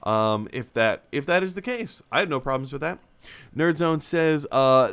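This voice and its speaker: Young male stream host, lively pitch, rambling and filler-heavy, casual chat. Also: normal speed, clear, resonant tone. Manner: rambling, restarts, many fillers. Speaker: host of a live movie chat show. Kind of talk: casual live-stream chat reading viewer comments.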